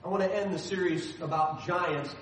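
Brief: male pastor, fairly high voice, emphatic preacher, recorded from afar in a big echoing church. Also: moderate pace, distant mic, a little hiss or hum. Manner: emphatic preaching, swinging between loud stresses and soft asides. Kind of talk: sermon. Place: church sanctuary. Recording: very echoey hall, voice from afar.

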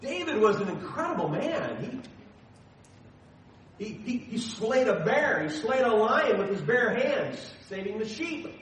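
High-voiced man preaching in an echoey hall. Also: very animated, unhurried, recorded from a distance, a little hiss or hum. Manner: emphatic preaching, swinging between loud stresses and soft asides. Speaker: pastor. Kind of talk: sermon. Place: church sanctuary.

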